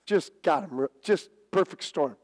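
A middle-aged man preaching a sermon, telling a story with stammers and restarts and big swings in pitch. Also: expressive, normal speed, a little mellow. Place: church sanctuary. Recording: church hall reverb.

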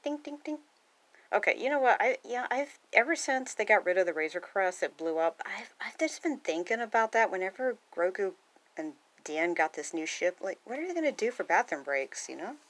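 A woman's voice: mid-range voice, moderate pace. A woman casually reading a picture book aloud, chatting, laughing and gasping between pages. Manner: chatty, often laughs and gasps, lively character lines. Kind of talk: casual read-aloud with commentary.

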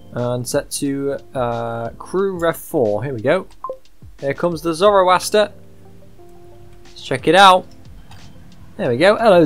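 A man giving casual, chatty commentary while playing a game, thinking aloud with excitable outbursts. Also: a little high. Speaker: gaming YouTuber. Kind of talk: casual let's-play commentary.

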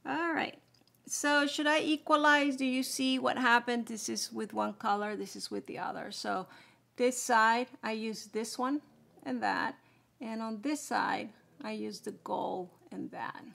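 A woman's voice: on the high side, measured pace, creaky, fairly bright tone. A woman chatting casually through a makeup tutorial, explaining each step as she applies it. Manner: chatty, explaining steps while applying makeup. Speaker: beauty vlogger.

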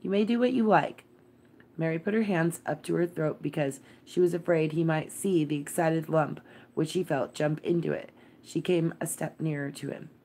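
Low-voiced woman reading a bedtime story. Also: steady tone. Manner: gentle, measured storybook narration. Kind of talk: bedtime read-aloud of a classic novel.

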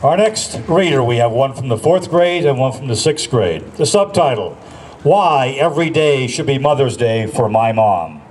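Lively man emceeing a school program. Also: mid-range voice, a little hiss or hum. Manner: reads out entries and names in a brisk public-address way.

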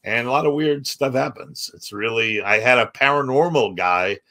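A man's voice: mid-range voice, normal speed, bright, forceful tone. A man, a comedian, telling stories animatedly in a podcast chat and acting out other people's lines. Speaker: comedian and guest.

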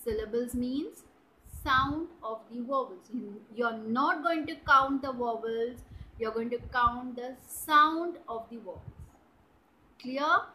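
A woman with an Indian English accent teaching grammar to children, spelling out words and often checking with "right?" and "clear?". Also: fairly high pitch, slow pace, bright, forceful tone, rough recording. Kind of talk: slow, deliberate grammar lesson for children.

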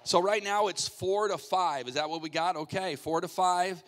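Upbeat pastor in a reverberant church. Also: male voice, on the high side. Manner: jokey, coaxing, quick asides. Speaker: pastor hosting a game. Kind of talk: playful audience hosting from the stage. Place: church sanctuary.

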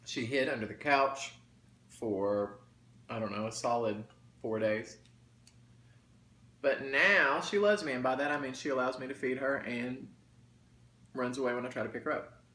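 A man's voice: mid-range voice, normal speed, long pauses, bright, forceful tone. A man chatting casually to viewers while eating, folksy and talkative. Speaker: mukbang vlogger. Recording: roomy echo, faint background noise.

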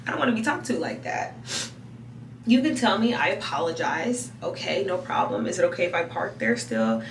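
A woman vlogging at home at night, telling a story to the camera in an animated way and laughing between lines. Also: mid-range voice, far from the mic, a little hiss or hum. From Atlanta, USA. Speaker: lifestyle vlogger. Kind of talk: casual story time to camera. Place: home room at night, getting ready for bed. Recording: echoey room, voice a bit off-mic.

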